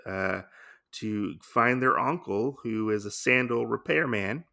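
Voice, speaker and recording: A man casually recapping a comic story for his podcast. His voice is gravelly and bright, with a bit of fry. He rambles along loosely, with plenty of filler. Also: mid-range voice. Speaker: podcast host.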